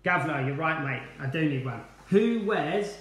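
A man's voice: mid-range voice, fairly even intonation, brisk, bright, forceful tone, echoey room. A man hosting a live online quiz night, chatty and upbeat as he greets viewers by name. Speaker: quiz host, former player.

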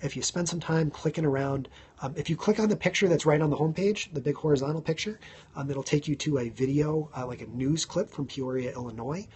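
A man around thirty hosting a casual live stream, chatting to viewers, thanking them by name and filling pauses with ums. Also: a little high, a little mellow, slightly rough. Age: 30s.

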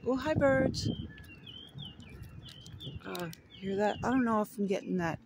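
A high-voiced man from Florida rambles cheerfully to a handheld camera as he rides down neighborhood streets outdoors. He giggles often and keeps talking to his dog. Loud outdoor noise, passing traffic and birds sit underneath his voice. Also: unhurried, creaky. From Florida, USA. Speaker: artist vlogger. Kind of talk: casual chat while riding around. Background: outdoor ambience, vehicles, birds.

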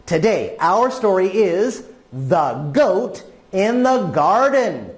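A woman teacher leads children's story time, reading very slowly in a sing-song voice. Her pitch rises and falls widely. The recording sounds echoey, as if in a bare room. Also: sing-song, darkish tone.

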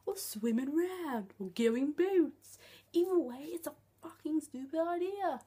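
A woman's voice: high voice, animated, unhurried, mellow, husky. A young woman, ranting bluntly and sarcastically in a vlog, swearing freely. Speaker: vlogger.

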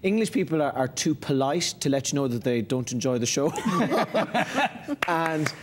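A man's voice: fairly high pitch, very animated, measured pace, a little hiss or hum. A man with an Irish accent, a comedian guest chatting on a talk show, laughing through his jokes. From Ireland. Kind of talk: casual talk-show chat.

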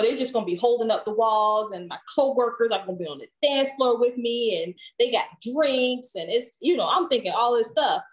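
A woman, a singer, telling a story as a podcast guest in a relaxed, chatty way with frequent fillers. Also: a little high, low-quality recording. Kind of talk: storytelling in an interview.

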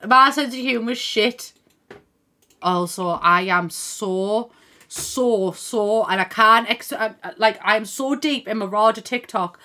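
A woman's voice: mid-range voice, takes it slowly, pushed and bright. Chatty young woman streaming a game. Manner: chatty, thinks aloud, thanks viewers by name; swears casually and laughs often. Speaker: live streamer. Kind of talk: casual gaming stream chat.

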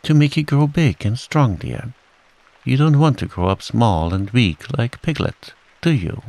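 A man doing a calm, firm mother kangaroo. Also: medium pitch, a little slow, no echo, pitched above the performer's own voice, poor audio. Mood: soothing. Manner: soothing, cheerful yet firm. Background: rain.

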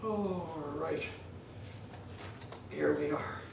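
Male church teacher, high voice, emphatic and repetitive delivery; distant mic, very roomy echo, faint room hiss. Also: drawn-out words, vocal fry, a little mellow. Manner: emphatic, repeats phrases for stress. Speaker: pastor teaching a theology class. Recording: echoey church room from far off.

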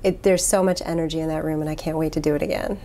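A woman trial lawyer talks as an interview guest in a fairly low voice. She answers with enthusiasm and tells her stories in an animated way. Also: fast.

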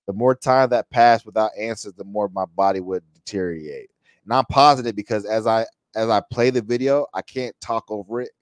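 A reaction channel host thinks aloud and talks straight to his viewers in casual commentary, often repeating words as he searches for them. His voice is fairly low and a little fast.

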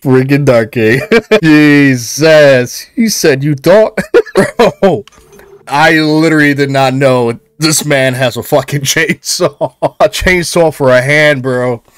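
A young man giving loud, excitable, profane live commentary while playing a game on a headset, laughing often. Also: on the high side, slow pace, no echo. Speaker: gaming streamer.

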